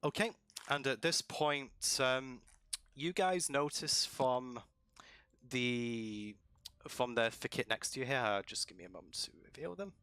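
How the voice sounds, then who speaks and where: Bright-voiced male dungeon master. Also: mid-range voice, clean tone, dry recording. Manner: relaxed, many ums and pauses. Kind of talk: narrating a tabletop game.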